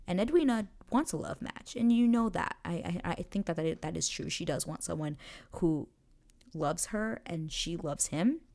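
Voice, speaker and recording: A young woman recaps a show with excited, casual energy, dropping swear words and slipping into the characters' lines. Her voice sits low with a gravelly fry. Her pitch swings widely as she tells it. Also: moderate pace. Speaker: show reaction host. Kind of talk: casual reaction commentary.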